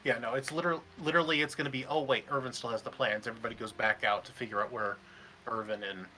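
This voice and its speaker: A man runs the tabletop game as game master, his voice bright and clear. He narrates casually and laughs often with the players, with a faint hiss behind him. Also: mid-range voice, steady tone, fast talker, rough recording.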